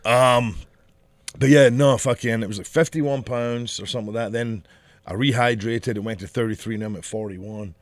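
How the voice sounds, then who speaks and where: A man co-hosting a podcast, telling a story in casual, profane, animated chat. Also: medium pitch, normal speed, no room sound. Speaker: podcast co-host.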